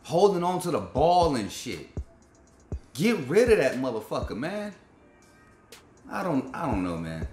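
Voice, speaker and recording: A man's voice: on the high side, wildly swooping pitch, a little slow, pauses often, darkish tone, faint music behind. A man hosting a sports fan channel, giving a frustrated, profane, slang-heavy rant reacting to his team's game. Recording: echoey room with faint background beat.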